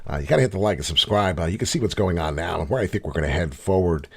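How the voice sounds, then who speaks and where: A middle-aged man hosting a live crypto trading channel, talking casually and swearing in frustration, jumping between loud outbursts and low grumbling. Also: very fast, husky.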